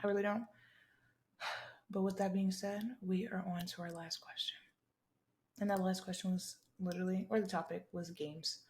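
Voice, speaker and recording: A woman's voice: mid-range voice, level tone, normal speed, long pauses. Woman, young adult, podcast host, casual solo chat, blunt, slangy, swears freely. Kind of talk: casual solo chat answering listener questions.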